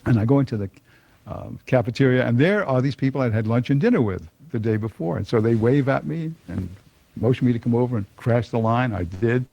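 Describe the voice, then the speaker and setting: Gravelly older man telling his story. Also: medium pitch, a little mellow. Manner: chuckling, folksy storyteller who laughs often. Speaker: speaker giving a personal testimony. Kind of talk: personal conversion story told to an audience.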